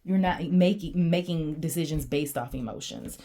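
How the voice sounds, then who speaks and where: A woman with a notably low-pitched voice talks through a tarot reading in a loose, chatty way. She wanders off on tangents and addresses her viewers directly as she goes. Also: moderate pace, dark tone. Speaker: tarot reader.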